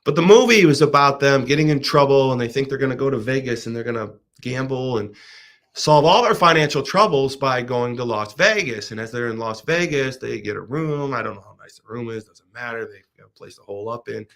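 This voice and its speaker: A man's voice: medium pitch, expressive, brisk, fairly bright tone. A middle-aged man hosting a show, animatedly retelling a film plot in a casual monologue with frequent restarts. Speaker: podcast host.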